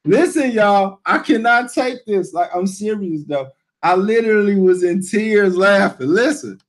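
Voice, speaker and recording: A man with a high-pitched voice reacts to a video, breaking into helpless laughter as he talks. He speaks slowly, stretching out slangy exclamations and repeating himself over and over. He speaks as a priest doing casual reaction commentary. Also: expressive.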